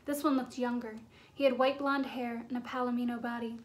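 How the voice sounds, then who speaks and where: A woman narrating a fantasy novel as an audiobook, in a measured, suspenseful storytelling manner. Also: a little high, level tone. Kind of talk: storybook reading.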